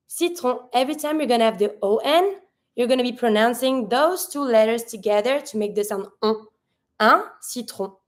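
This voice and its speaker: A woman with a fairly high voice gives an online language lesson. She walks through each word patiently and step by step, in a clear teaching manner. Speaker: French teacher.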